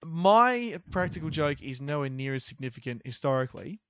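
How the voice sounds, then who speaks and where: A man co-hosting a podcast, telling a story in a casual, animated, jokey way and laughing often. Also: a little high, fairly quick, lo-fi sound. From half English. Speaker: podcast co-host.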